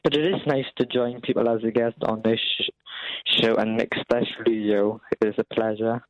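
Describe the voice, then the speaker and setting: A man's voice: lowish voice, little pitch movement, moderate pace. Hesitant rambling young male caller. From England. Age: young adult. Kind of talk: phone-in call. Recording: dull lo-fi phone line.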